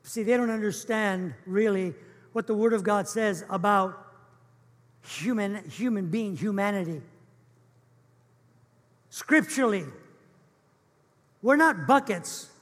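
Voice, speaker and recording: A man's voice: sits high, slow pace, pauses often. A man preaching a sermon as pastor in an earnest, emphatic, repetitive way. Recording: echoey church hall.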